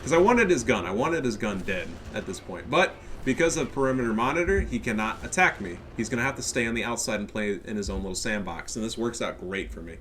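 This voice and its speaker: A man's voice: on the low side, expressive, fast talker, hardly any pauses, a bit bright, slight background noise. A man with a stuffy nose giving casual, profane and cocky commentary on a strategy game match. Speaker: game caster.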